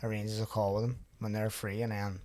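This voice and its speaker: A man's voice: lowish voice, level tone, brisk, mellow, no room sound. A man in his thirties hosting a podcast in casual chat, swearing freely, laughing often and telling stories in bursts. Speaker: podcast host.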